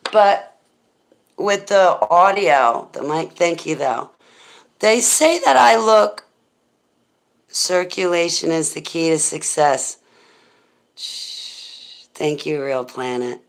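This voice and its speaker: A middle-aged woman with a deep, smoky voice, hosting a rambling, goofy livestream chat and thanking viewers as she goes. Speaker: livestream host.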